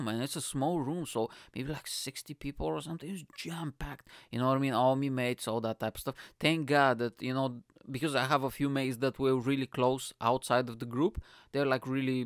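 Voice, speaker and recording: A man who does stand-up tells a long, rambling story at his own expense, swearing casually and laughing at himself along the way. His voice sits at an ordinary middle pitch. The sound is dry and close, with no room around it. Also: no room sound. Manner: rambling, self-mocking, swears freely. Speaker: stand-up comedian.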